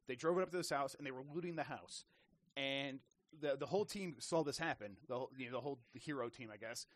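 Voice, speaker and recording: A man with a medium-pitched voice talks at a quick pace in a casual podcast chat about games. He's an animated storyteller who restarts often and acts out quotes.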